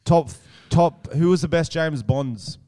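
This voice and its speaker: A man's voice: fairly high pitch, warm tone, no room sound, clean studio sound. A man co-hosting a podcast, joking crudely and riffing in casual banter. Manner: crude, joking, quick to launch into bits. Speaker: podcast co-host.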